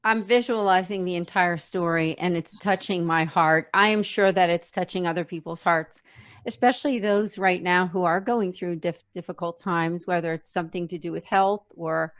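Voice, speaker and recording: A woman hosting a faith interview in a warm, affirming manner. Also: fairly low pitch, fairly even intonation, normal speed, no room sound, clean studio sound. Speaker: interview host.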